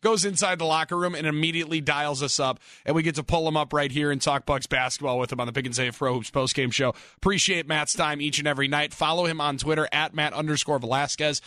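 Bright-voiced upbeat sports radio host. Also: male voice, on the high side, steady tone, quick pace, hardly any pauses, no echo. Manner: smooth, upbeat broadcaster delivery. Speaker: postgame radio show host. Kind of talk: sports radio postgame chat.

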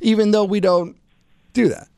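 A man's voice: sits high, fairly even intonation, moderate pace, vocal fry, a little mellow, clean tone, dry recording, clean studio sound. A man hosting a casual call-in radio talk show, full of asides and rhetorical questions.

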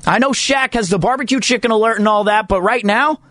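Male sports talk host, lively and emphatic, slightly high voice, dry close sound. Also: fairly quick, dry recording. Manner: animated and emphatic, jokey asides. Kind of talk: casual sports talk segment.

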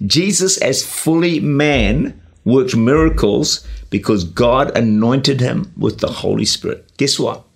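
Gravelly New man preaching. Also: medium pitch, slow. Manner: earnest, exhorting, with frequent 'uh' and 'you know'. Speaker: pastor and radio preacher. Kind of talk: sermon. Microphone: camera-recorded sermon.

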